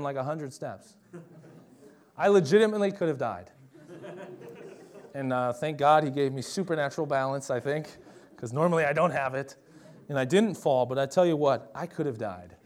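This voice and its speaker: A young adult man preaching a sermon in a conversational, emphatic way, often asking the listeners rhetorical questions. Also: mid-range voice.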